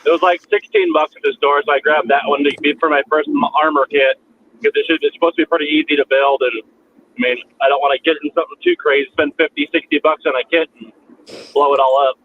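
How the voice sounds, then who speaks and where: A man talking over a video call in a slightly high voice, rambling along and poking fun at himself with stumbles and restarts. The call audio is muffled and dull, with a faint hiss behind it. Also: fairly even intonation, fast. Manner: rambling, self-deprecating, stammers on restarts. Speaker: guest. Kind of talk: casual chat on a livestream.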